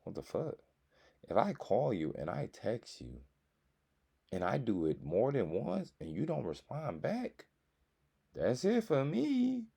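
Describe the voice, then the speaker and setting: A man's voice: fairly low pitch, wildly swooping pitch, a little slow, vocal fry, warm tone, breathy edge. A man reacting to a video with casual commentary, blunt and profane in his opinions. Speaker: reaction streamer.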